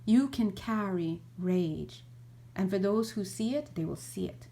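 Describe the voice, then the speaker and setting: Middle-aged woman, spiritual teacher, warm low-lit tone, lively and chatty. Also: measured pace, creaky. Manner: animated, acts out little scenes, many restarts. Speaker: spiritual teacher and energy healer. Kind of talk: casual spiritual teaching monologue.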